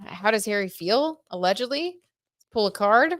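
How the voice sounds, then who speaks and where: A woman's voice: mid-range voice, lively intonation, moderate pace, fairly bright tone, dry recording, studio quality. A young adult woman hosting a casual tarot gossip livestream, chatty and giggly as she talks to her viewers. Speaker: tarot reader and livestream host.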